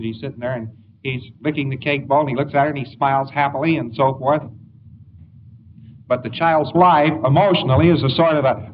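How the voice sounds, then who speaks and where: Man, lecturer, wry, anecdotal, mid pitch, muffled lo-fi tape, faint hiss. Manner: anecdotal, wry, acts out examples. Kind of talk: recorded lecture.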